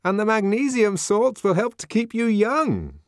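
A man's voice: high voice, wildly swooping pitch, a little slow, dry recording, clean studio sound, voice pushed up, full character voice. A man voicing a nervous male sightseer in an audiobook, fawning and eager to placate. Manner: ingratiating, nervous.

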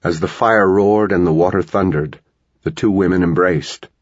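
A man narrating a tense novel in steady storytelling, in a dull lo-fi recording. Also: low-pitched, normal speed, breathy edge, no echo. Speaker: audiobook narrator. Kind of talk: scripted narration.

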